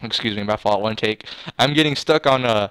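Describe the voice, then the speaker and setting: A man's voice: on the low side, a little fast, a bit bright, clear, resonant tone, dry recording, low-quality recording. Rambling young man telling a story. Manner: rambling, full of restarts and swearing. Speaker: vlogger. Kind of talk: casual storytelling.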